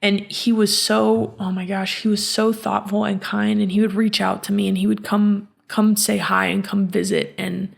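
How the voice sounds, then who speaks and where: Female podcast host, gravelly fry, halting reflective storytelling with frequent restarts. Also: medium pitch, little pitch movement.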